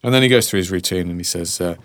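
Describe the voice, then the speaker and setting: A man in his forties, chatting casually as a podcast host and telling animated stories, sometimes dropping to a hushed whisper for effect. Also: deep voice, quick pace, no echo. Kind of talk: casual chat.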